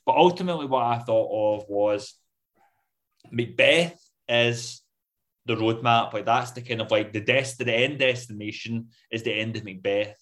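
A man's voice: medium pitch, normal speed, a bit bright. A man from the UK, a guest in a casual interview, talking loosely with many fillers. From United Kingdom. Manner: rambling, many fillers like "like, you know". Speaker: guest author.

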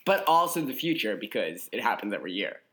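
A man's voice: on the low side, very animated, a bit bright. A man co-hosting a podcast in a casual comedic chat, playful and goofy, riffing and stretching words out. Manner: playful, goofy, drawn-out riffs. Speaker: podcast co-host.

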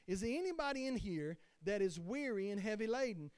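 A man's voice: high-pitched, animated, a little fast, a little mellow, smooth, no room sound. A male pastor preaching a sermon with passion, calling out questions to the congregation. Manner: impassioned preaching with call-and-response.

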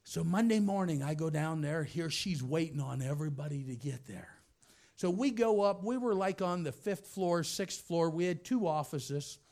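High-voiced man preaching a story. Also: animated, normal speed. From United States. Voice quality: dramatic swings from hushed tenderness to loud shouting. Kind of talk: storytelling sermon.

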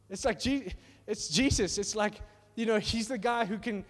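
High-voiced man preaching in a hall. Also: unhurried. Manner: animated and conversational, acting out little voices, asks "are you with me?". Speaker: pastor. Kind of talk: sermon. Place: church hall. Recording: reverberant hall.

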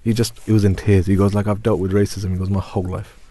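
A young man talks earnestly on a discussion panel, slipping into quoted dialogue as he tells a story. His voice sits low and mellow. The sound is dry and close. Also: little pitch movement, fast talker, no echo. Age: young adult. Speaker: imam and youth worker.

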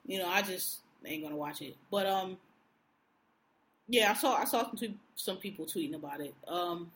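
A woman co-hosting a podcast in casual chat, with a blunt, profane, animated way of ranting. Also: fairly low pitch, moderate pace. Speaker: podcast co-host.

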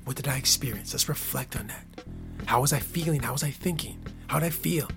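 A man from Michigan with a Michigan accent, hosting a podcast in a playful casual monologue, laughing often and dropping from loud hype to near whispers. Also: medium pitch, brisk, creaky, music in the background. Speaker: podcast host.

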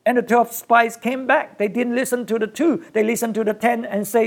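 Gravelly preacher delivering an emphatic sermon. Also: mid-range voice, steady tone, moderate pace, few pauses. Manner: emphatic, repeats key phrases, speaks in short bursts.

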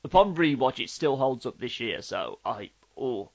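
Animated Black Country man giving film opinions. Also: medium pitch, moderate pace, vocal fry, dull audio. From Black Country, England. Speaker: podcast co-host. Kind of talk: casual film review chat.

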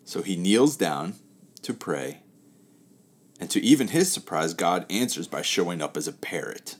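Low-voiced man telling a parable. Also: expressive, unhurried. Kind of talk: casual spoken parable for listeners.

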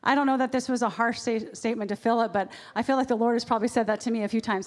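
A woman's voice: a little high, fairly even intonation, very fast, few pauses, darkish tone. Woman preaching in a reverberant hall. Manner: conversational preaching with personal asides. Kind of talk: sermon. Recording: long reverb of a large hall.

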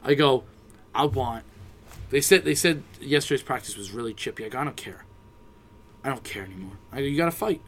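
A man with a mid-pitched voice co-hosting a sports podcast. He rants in frustration and swears freely. The talk is loose and casual. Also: lively intonation, brisk, pauses often. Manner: profane, frustrated ranting. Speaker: podcast co-host.

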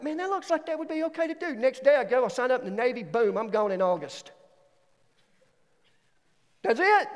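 A man from Alabama preaches a sermon, his voice sitting very high for a man. He tells personal stories with animated energy, slipping into an excited, quicker voice. The sound carries the long reverb of a church hall. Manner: animated storytelling, swings into excited higher voice. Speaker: student pastor. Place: church auditorium.

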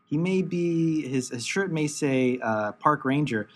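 A man hosting a casual podcast chat, hesitant, filling pauses with ums and uhs as he searches for words. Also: on the high side, lively intonation. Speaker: podcast host.

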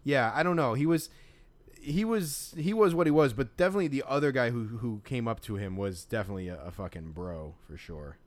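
A man's voice: mid-range voice, lively intonation, fairly quick. A man in casual chat, rambling with lots of fillers and restarts. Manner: rambling, filler-heavy, mimics others' voices.

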